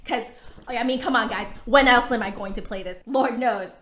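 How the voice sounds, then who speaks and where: A woman's voice: a little high, normal speed, a bit bright. An American woman demonstrating a flute on a casual livestream, chatting straight to her viewers. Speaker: flutist reviewing an instrument. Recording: roomy echo.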